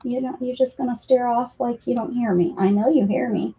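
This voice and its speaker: A woman with a slightly high voice, steady tone and vocal fry talks a little fast while hosting a casual livestream from her craft room. She coaxes her cats with sing-song baby talk, occasionally whispering softly, and the lo-fi audio sounds dull with faint noise.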